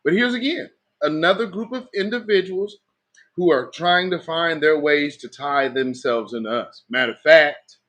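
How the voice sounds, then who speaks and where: A man's voice: a little high, moderate pace, a bit bright. A man with a Black American accent giving loose, joking live commentary in slangy talk. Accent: Black American English. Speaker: host of a live commentary stream.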